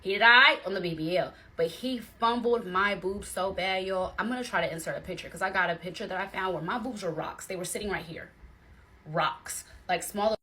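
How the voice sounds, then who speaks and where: A young adult woman telling a personal story to viewers in a chatty, animated way. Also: mid-range voice, brisk. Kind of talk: casual storytime chat. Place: bedroom.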